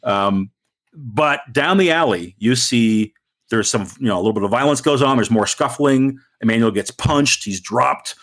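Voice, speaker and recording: A man's voice: medium pitch, normal speed. A man narrating as game master in a loose, filler-heavy way. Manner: relaxed, wordy, with many fillers.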